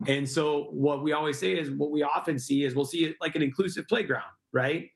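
A man's voice: a little high, steady tone, a little fast. A middle-aged man, interviewed as a guest, explains his project earnestly with rhetorical questions. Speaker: guest, park project founder. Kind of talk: interview answers.

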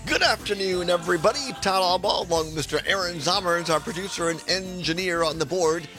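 A middle-aged man hosting live talk radio from a studio. He is slightly hoarse, and he talks in an upbeat, chatty way with fillers. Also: sits high, brisk, music in the background. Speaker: radio talk show host.

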